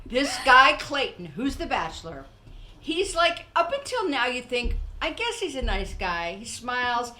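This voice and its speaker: A woman's voice: a little high, a little slow. An older woman hosting a podcast, chatting casually and acting out what people said, with frequent laughter. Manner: animated storyteller, acts out quotes, laughs often. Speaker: podcast host. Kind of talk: casual chat.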